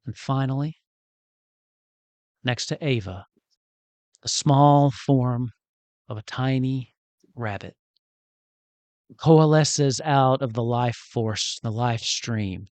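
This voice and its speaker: A man narrates a tabletop game as game master, slow and measured and building the drama. His voice sounds close and dry. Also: mid-range voice, a little mellow, no echo.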